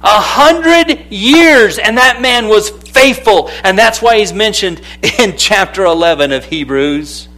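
A man preaching a sermon, lively and conversational, calling out to people in the room by name. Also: sits high. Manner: animated, calls out to people by name. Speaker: pastor.

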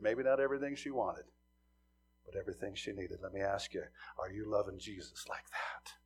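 A middle-aged man from Montana preaching a sermon, telling stories with swings from hushed asides to loud emphasis. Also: sits low, brisk, husky. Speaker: pastor.

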